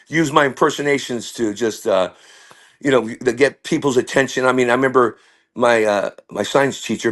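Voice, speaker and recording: Brief: man, comedian guest, rambling, story-driven, mid-pitched, jumps between tangents. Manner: rambling, tangent-prone, full of restarts and voices. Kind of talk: casual storytelling chat.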